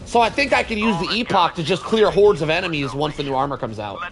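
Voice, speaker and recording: A young man streaming a co-op shooter, joking with his chat and now and then bursting into shouts. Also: on the high side, lively intonation, fast, faint music behind. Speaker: game streamer. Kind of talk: casual gaming stream chat.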